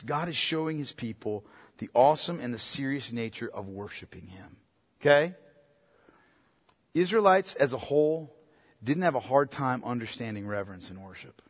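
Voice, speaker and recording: A man's voice: on the high side, husky. A man preaching a verse-by-verse sermon as a pastor, asking his listeners rhetorical questions and repeating his key points. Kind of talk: expository Bible sermon. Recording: long reverb of a hall.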